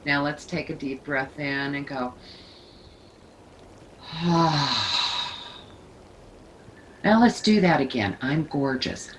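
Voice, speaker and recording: A woman leading a yoga class, giving calm, soothing cues. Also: low-pitched, moderate pace, few pauses, noisy background. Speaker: yoga teacher. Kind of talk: guided yoga instruction.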